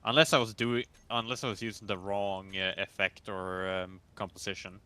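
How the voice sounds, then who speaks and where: Man with a bright, sharp voice. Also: deep voice, little pitch movement, moderate pace, clear, resonant tone, no echo. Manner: hesitant, many fillers. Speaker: co-player. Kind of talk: casual chat while gaming.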